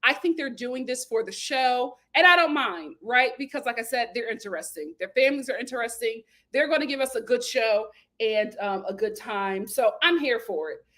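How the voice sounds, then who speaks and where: A woman chats through a reality show recap with plenty of sass. Her voice sits high and jumps around a lot as she acts out the cast's quotes. She laughs loudly and talks straight into a close mic. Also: normal speed. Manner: animated and sassy, acting out quotes with big laughs. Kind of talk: casual chat recap.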